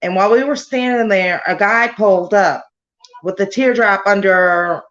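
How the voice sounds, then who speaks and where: A woman's voice: medium pitch, normal speed, a bit bright, lo-fi sound. A grieving mother speaking in a remote interview, telling her story in a rambling way that keeps circling back to details. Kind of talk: remote interview over a call.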